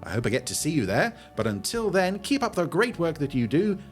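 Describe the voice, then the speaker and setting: An eager male podcast co-host with a fairly high voice that swoops up and down as he chats. He jumps in with playful remarks, and faint music plays underneath. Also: sing-song, brisk. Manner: enthusiastic, playful. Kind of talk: casual chat.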